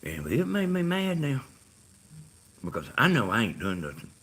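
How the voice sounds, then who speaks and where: A man's voice: medium pitch, huge pitch swings, moderate pace, a bit bright, breathy edge. A middle-aged man with a Georgia Southern accent talking casually and rambling on a live stream. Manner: meandering, full of "you know" and "like".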